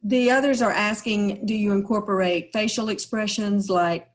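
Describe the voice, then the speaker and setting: A woman's voice: mid-range voice, steady tone, moderate pace, poor audio. Woman relaying audience questions.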